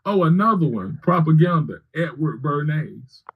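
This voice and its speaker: On a livestream, a man delivers heated political commentary, arguing with viewers by name and hammering the same points again and again. His voice sits a little high and husky, with lively intonation at a moderate pace, heard through phone-quality audio.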